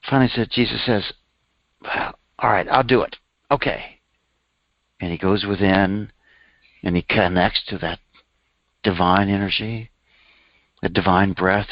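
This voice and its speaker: Preaching a storytelling sermon, a male spiritual teacher relates a parable with animation, pitching his voice up whenever a character speaks. The recording is muffled, with no room sound.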